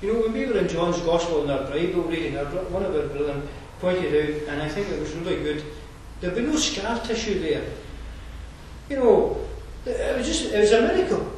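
Scottish guy preaching, kinda high voice, lots of uh's and restarts, sounds far off in a really echoey room. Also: expressive, moderate pace, a little mellow, a little hiss or hum. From Scotland. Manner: conversational, digressive, frequent fillers and restarts. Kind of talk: sermon.

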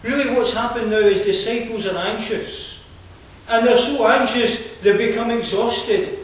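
A man with a Scottish accent preaching a sermon, conversational and digressive, often pausing with fillers and restarting his sentences. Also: very high voice, steady tone. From Scotland. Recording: echoey room from far off, faint ambience.

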